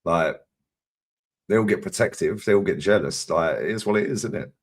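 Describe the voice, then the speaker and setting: A man chatting on a live stream, telling stories loudly with a lot of swearing and laughter. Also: low voice, a little fast, slight background noise. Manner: loud, profane, animated storytelling. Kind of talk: casual chat on a live stream.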